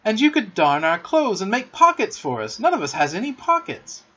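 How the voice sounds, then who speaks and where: A man's voice: high-pitched, huge pitch swings, moderate pace, sharp tone, husky, pitched above the performer's own voice, heavily acted. A man doing a sly, coaxing boy. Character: boastful cunning young boy. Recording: dull lo-fi audiobook recording.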